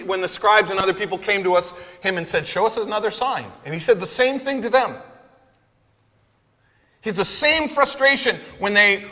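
Bright-voiced male preacher in a reverberant hall. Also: sits high. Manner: conversational, emphatic preaching with acted-out quotes. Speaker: pastor. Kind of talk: sermon.

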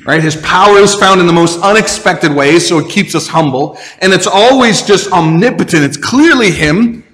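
A man with a high voice delivers a sermon as a pastor. He talks conversationally, breaking off for asides and restarting phrases. His voice carries a long reverb, as if filling a large hall. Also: lively intonation, normal speed, fairly bright tone.

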